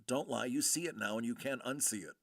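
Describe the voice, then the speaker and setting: A man doing casual live-stream commentary while opening collectible cards, joking and reacting loudly. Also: medium pitch, fairly quick, creaky, no echo, studio quality.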